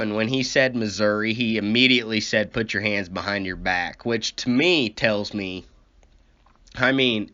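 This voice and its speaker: A man's voice: medium pitch, pushed and bright. A man telling a rambling, profane comic story and complaining as he goes. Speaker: comedy podcast host. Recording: dull lo-fi recording.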